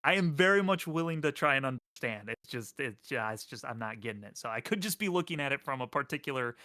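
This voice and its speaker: A man of middle pitch with a bright, forward tone. He co-hosts a casual livestream and talks hesitantly, restarting his sentences and poking fun at himself. He sounds like he is speaking into a streaming mic. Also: animated, fast, no echo, studio quality. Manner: hesitant, self-deprecating. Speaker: streamer co-host.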